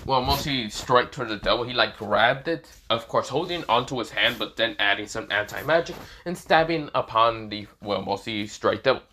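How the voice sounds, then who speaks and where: A man's voice: moderate pace, hardly any pauses, sharp tone, slight background noise. A young man improvising a fan-fiction story, rambling and filling gaps with "well" and "of course". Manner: rambling, many fillers, rises in pitch often.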